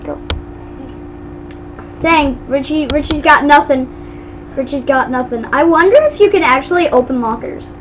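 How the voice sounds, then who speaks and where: A woman's voice: sits high, slight background noise, rough recording. A woman giving casual commentary while playing a game, chatty and giggly, tripping over her words. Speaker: gamer.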